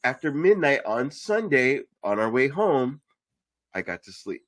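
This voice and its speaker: A man's voice: medium pitch, sing-song, a little slow. A man co-hosting a casual podcast, joking about himself and swearing freely. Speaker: podcast co-host. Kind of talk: casual chat.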